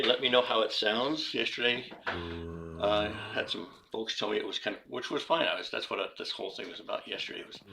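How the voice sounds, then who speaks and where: Gravelly-voiced man chatting through a game stream. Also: mid-range voice, sharp tone, slight background noise, rough recording. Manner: chatty, talks through each move and greets chat by name. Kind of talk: casual live game commentary. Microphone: desktop streaming mic.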